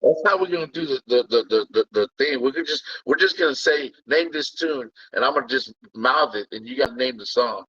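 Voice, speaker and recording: Man, easygoing rambling co-host, bright tone, dry dull recording. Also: medium pitch, a little fast, hardly any pauses, slightly rough, dry recording. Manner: laid-back, placating, rambling with restarts. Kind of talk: casual podcast banter.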